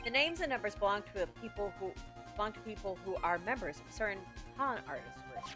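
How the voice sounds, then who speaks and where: A woman's voice: medium pitch, very animated, quick pace, natural voice. A woman voicing an earnest young male defense lawyer in a video game, steadily explaining, with game music behind.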